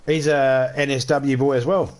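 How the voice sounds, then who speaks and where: A man's voice: medium pitch, steady tone, normal speed. An Australian man chatting casually to viewers as he streams a survival game, joking and swearing freely. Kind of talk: casual live-stream chat while playing.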